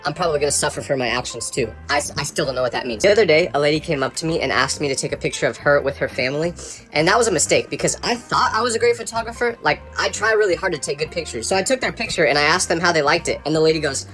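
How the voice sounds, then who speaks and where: A man telling funny first-person stories with an animated, exasperated comic delivery. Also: a little high, racing, soft background music. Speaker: storyteller. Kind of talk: comedic first-person storytelling.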